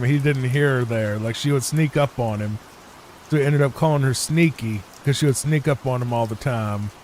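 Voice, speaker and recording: Male gaming host, mid pitch, loose rambling storyteller, faint rain noise in the background. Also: a little mellow. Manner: rambling, conversational, frequent restarts. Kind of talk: relaxed storytelling over gameplay.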